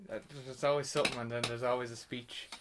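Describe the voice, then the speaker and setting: A man's voice: medium pitch, flat delivery, fast, background noise. Man casually retelling a film plot. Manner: loose, profane plot retelling with many fillers. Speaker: podcast host reviewing a film. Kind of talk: casual chat.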